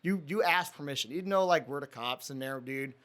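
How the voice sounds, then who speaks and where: Brisk and a bit bright, this mid-range male voice belongs to a young former prison officer appearing as a podcast guest. His story wanders casually, laced with profanity, and "dude" keeps popping up as he addresses the listener.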